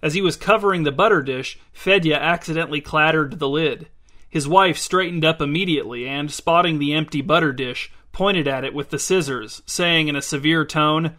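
A man reading literary short stories aloud in a measured, deliberate way. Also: a little high, bright, forceful tone. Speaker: reader.

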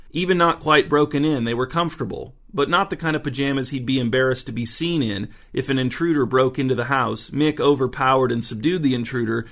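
A man narrating a story in a dry, even reading voice. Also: mid-range voice. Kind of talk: audiobook narration.

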